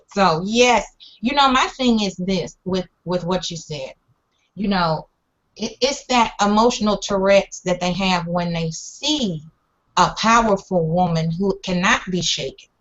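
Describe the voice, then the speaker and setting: A woman's voice: medium pitch, slow pace, lo-fi sound. A woman co-hosting a casual online chat show, sassy and teasing, speaking over a voice call.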